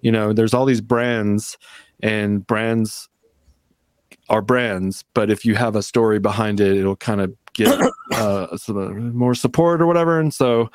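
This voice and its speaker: A man's voice: fairly low pitch, measured pace, smooth, no echo. A man hosting a podcast, talking in a laid-back way with lots of fillers. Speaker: podcast host. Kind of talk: casual chat.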